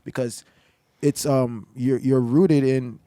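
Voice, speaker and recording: A man's voice: medium pitch, steady tone, slow pace, dark tone, no room sound, clean studio sound. A man co-hosting a podcast in casual chat, earnest and preachy in places. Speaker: podcast co-host.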